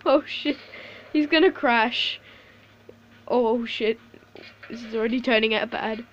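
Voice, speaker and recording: A woman giving casual live commentary over a shooter game, swearing a lot, laughing often and reacting excitably. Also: on the high side, measured pace, dull audio. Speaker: gameplay commentator.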